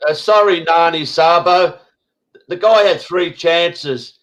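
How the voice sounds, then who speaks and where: Brief: Aussie male host, blunt and irritable, swears freely, slightly high voice, video call. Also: slow, a bit bright, poor audio. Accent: Australian. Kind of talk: casual online roundtable chat.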